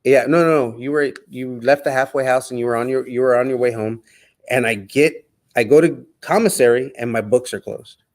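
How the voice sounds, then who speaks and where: A middle-aged man casually telling a personal story, animated and quoting others as he goes. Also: medium pitch, a little fast. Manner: animated, acts out quotes. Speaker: guest.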